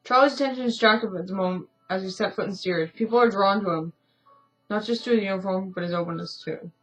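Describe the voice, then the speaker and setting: Woman let's-player reading game narration, mid-pitched voice, laid-back asides, faint music behind. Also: fast, a bit bright, poor audio. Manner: casual, self-deprecating asides. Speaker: let's-play streamer. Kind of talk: reading a story game aloud.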